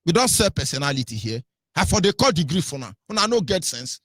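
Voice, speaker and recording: A fiery Nigerian-accented man delivering a radio rant, mocking and scolding by turns. His voice sits high and swings widely, with a bright, forceful edge and a dry, close sound. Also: sing-song, a little fast, slightly rough, no room sound. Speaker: radio commentator. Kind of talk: impassioned political commentary.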